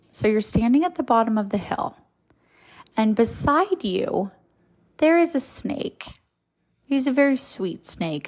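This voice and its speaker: A woman hosting her own podcast, telling a story in a chatty, conversational way. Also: mid-range voice. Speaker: podcast host and farmer. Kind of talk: casual storytelling monologue.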